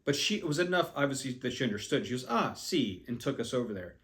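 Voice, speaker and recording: A man's voice: mid-range voice, expressive, very fast, fairly bright tone. A man casually telling a personal travel story, rambling with many ums and restarts, self-deprecating about his skills. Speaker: language learner.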